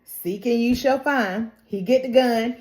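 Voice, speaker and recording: A woman recapping a TV episode in a lively, casual, very reactive way. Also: fairly high pitch, measured pace. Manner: lively, colloquial, reacts loudly. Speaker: TV recap YouTuber. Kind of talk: animated show recap. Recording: roomy echo.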